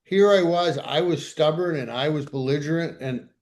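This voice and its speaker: A man's voice: on the high side, moderate pace, a little mellow. A man co-hosting a podcast, telling a candid, self-deprecating story in casual conversation. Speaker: podcast co-host.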